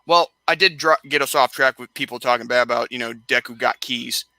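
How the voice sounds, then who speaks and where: A man's voice: medium pitch, a little fast, bright, forceful tone, no room sound. A young man hosting a casual live-stream chat, rambling and tripping over his words as he repeats himself while he rants.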